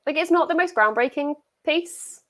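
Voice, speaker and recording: A woman's voice: high voice, lively intonation, moderate pace, fairly bright tone. A young British woman co-hosting a casual chat, enthusiastic and full of fillers. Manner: chatty, filler-heavy, enthusiastic. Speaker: co-host.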